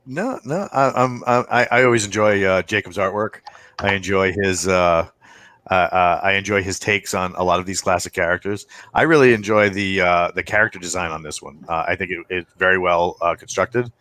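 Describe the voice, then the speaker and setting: Halting, low-voiced man. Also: pushed and bright. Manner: halting, polite, many fillers. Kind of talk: casual chat.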